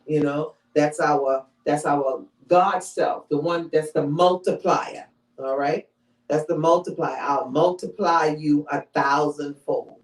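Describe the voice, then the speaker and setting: A woman's voice: deep voice, darkish tone. Female preacher, casual teaching sermon with frequent "you know", distant mic, roomy hall echo. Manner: teaching tone, checks in with "all right?" and "you know". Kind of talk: conversational sermon. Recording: echoey room, mic from far off.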